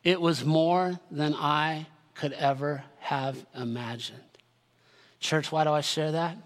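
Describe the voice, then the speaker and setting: A man in his forties, a pastor preaching a sermon with energetic, emphatic delivery that builds into shouted lists. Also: on the high side, takes it slowly, in a large hall.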